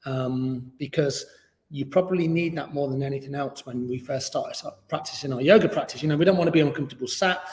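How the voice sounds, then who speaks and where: A man leading a gentle beginner yoga class in a relaxed, chatty, encouraging way. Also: fairly high pitch. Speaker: yoga teacher. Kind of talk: gentle guided yoga instruction. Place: yoga studio, indoors. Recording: very echoey, reverberant room.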